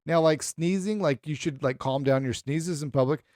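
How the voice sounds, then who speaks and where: A man's voice: a little high, normal speed, a little mellow, no echo. Emphatic opinionated man, dry sound. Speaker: podcast co-host. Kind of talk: casual chat.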